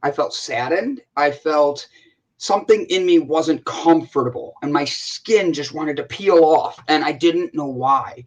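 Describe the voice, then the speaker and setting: A man with an American accent co-hosting a casual chat, telling stories in an animated way with many restarts. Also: a little high, a little slow, low-quality recording. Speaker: co-host.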